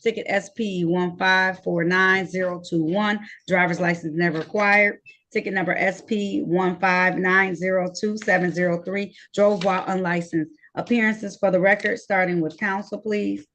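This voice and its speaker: A woman judge presiding over virtual court proceedings on a video call, brisk and friendly, reading case numbers slowly and deliberately. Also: lowish voice, fairly even intonation, fairly bright tone, slight background noise.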